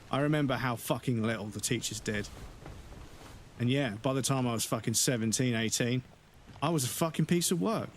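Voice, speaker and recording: A man's voice: mid-range voice, a little hiss or hum. A man chatting frankly and rambling as he streams a game, swearing heavily. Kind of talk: casual chat while gaming on a livestream.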